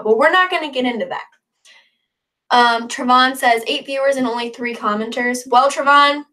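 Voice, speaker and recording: A late-teen young woman from the northern United States hosts a casual livestream, upbeat and chatty as she rambles and reads viewer comments aloud. Her voice is a little high and a bit bright.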